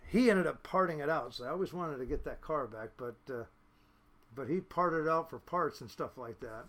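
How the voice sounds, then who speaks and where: A podcast guest in his fifties, an American fishing boat captain, shares blunt and salty stories that ramble. His voice is a little high and fairly bright, at normal speed.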